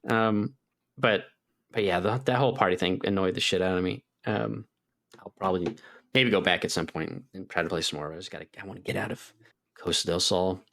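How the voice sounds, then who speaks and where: This gaming podcast co-host has a low-pitched, steady voice with vocal fry and a slight brightness, and he talks a little fast. In casual chat he rambles with plenty of "like," acting out his own reactions in a raised voice.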